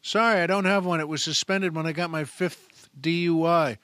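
A man's voice: on the high side, steady tone, normal speed, fairly bright tone, no room sound, studio quality, natural voice. A man voicing an unbothered male driver who confesses things in a breezy, matter-of-fact way.

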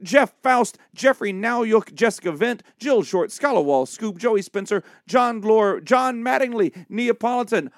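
A man with a strikingly high voice reads off a long list of names on a comedy podcast, flat and deadpan. The recording is dry and close. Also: measured pace, few pauses, no echo. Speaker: podcast co-host. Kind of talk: joking podcast banter.

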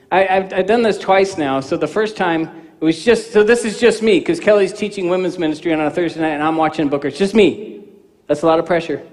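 Pastor, male, fifties, high voice; animated sermon storyteller in a long-reverb sanctuary. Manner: animated, acts out dialogue in quoted voices. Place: church sanctuary. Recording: reverberant church hall.

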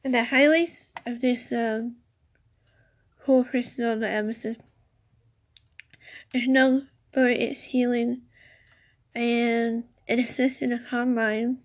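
Woman podcast host, slightly high voice, slow halting read with fillers, chatty asides. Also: flat delivery. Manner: slow, halting reading with many fillers and restarts. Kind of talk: casual solo podcast about crystals.

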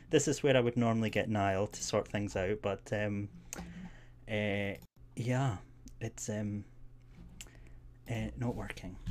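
A man's voice: lowish voice, a little hiss or hum. A man hosting a casual live-streamed podcast, laid-back, laughing often and swearing casually. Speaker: podcast host.

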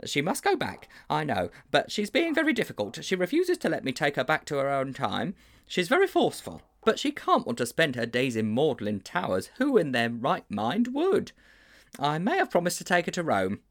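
A man's voice: on the high side, wildly swooping pitch, moderate pace, voice pushed up. A man voicing a flustered, lovesick male schoolteacher who stammers and frets. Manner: fretful, stammering, dramatic wailing.

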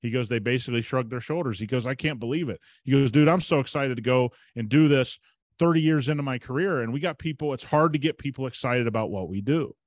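A man hosts a podcast, spinning a long anecdote in casual, emphatic talk. His voice sits at an ordinary middle pitch. The sound is close and dry, with no room around it. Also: fast talker, no echo. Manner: chatty, emphatic, retells conversations with quoted dialogue. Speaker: podcast host. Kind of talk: casual storytelling monologue.

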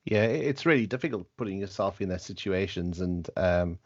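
A man's voice: low voice, lively intonation, brisk, slightly rough, dry recording, dull audio. A male podcast host summarizing his guest's story in a thoughtful, hesitant way. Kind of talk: casual interview.

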